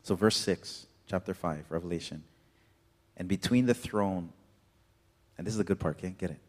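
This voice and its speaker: Male pastor, lowish voice, casual rambling preaching, echoing hall. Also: moderate pace, a little mellow. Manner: laid-back, chatty, full of "like". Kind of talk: casual sermon. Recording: reverberant hall.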